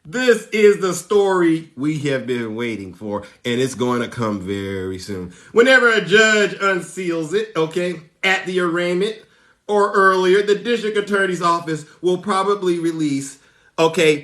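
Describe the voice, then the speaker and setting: A man with a high, bright voice hosts a live stream and reads the news with showy, teasing flair. He laughs often and calls out to his viewers by name. His voice rings in an echoey room. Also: animated, unhurried. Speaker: livestream host. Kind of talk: live commentary reading news.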